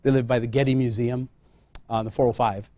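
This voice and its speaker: A man, a tailor, tells a lively personal story to a room, acting out the dialogue and poking fun at himself. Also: mid-range voice, brisk, no room sound. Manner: animated anecdotal, acts out quoted dialogue, self-deprecating. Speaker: custom tailor and guest speaker. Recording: muffled dull sound.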